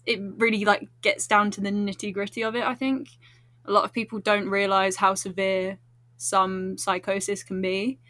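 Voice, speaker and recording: A woman's voice: medium pitch, fairly bright tone, no room sound. Woman, podcast guest; bubbly, talkative, laughs a lot, dry close-mic sound. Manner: bubbly, chatty, giggly. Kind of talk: casual podcast chat.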